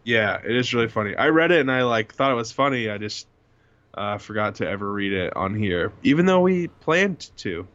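A man's voice: fairly low pitch, animated, normal speed, a bit bright, no room sound. A young man co-hosting a casual podcast, joking around and swearing freely. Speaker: podcast co-host. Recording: dull lo-fi sound.

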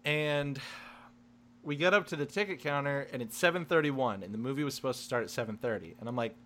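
A man's voice: medium pitch, a little fast, fairly bright tone, a little hiss or hum. A young man in casual comedic chat, telling a rambling story with laughs and swearing.

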